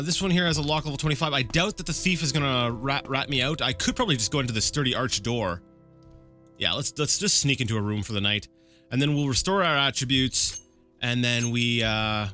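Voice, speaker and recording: A man's voice: medium pitch, lively intonation, a little fast, sharp tone, soft background music. A man giving casual let's-play commentary, rambling and correcting himself with plenty of fillers and restarts. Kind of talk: casual live gameplay commentary.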